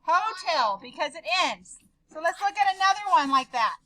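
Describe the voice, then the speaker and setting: A woman teacher leading a slow, deliberate phonics drill with her class, giving short sounding-out prompts. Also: extremely high pitch, very animated, sharp tone, low-quality recording.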